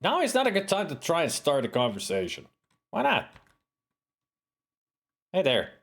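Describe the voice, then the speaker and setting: A man's voice: fairly high pitch, huge pitch swings, quick pace. A man streaming a retro adventure game, casually reading the game text aloud with playful, sing-song emphasis.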